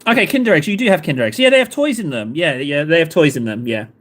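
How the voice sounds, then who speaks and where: In a fast, expressive voice that is a little high and a bit bright, a southern English livestream host rambles to his live viewers. He jokes around and mocks himself in a casual chat.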